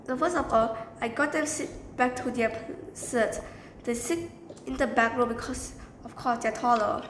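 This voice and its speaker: A woman's voice: a little high, moderate pace, a bit bright. A woman telling a story from her time as a teacher, rambling casually and leaning on filler words. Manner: rambling, repeats filler phrases. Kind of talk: storytime narration. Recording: echoey room with faint background noise.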